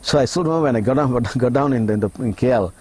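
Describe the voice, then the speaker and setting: A middle-aged man with a husky, slightly rough voice at an ordinary pitch. He speaks in as an interview guest. He tells his own story in an emotional, halting way, stopping and restarting and acting out what he thought. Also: darkish tone. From Malaysia. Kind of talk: personal testimony in an interview.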